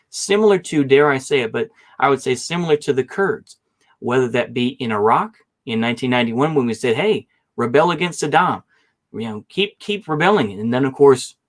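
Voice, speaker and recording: A man debating as a guest in an online political debate, talking in a rambling, hesitant way and hedging often. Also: medium pitch.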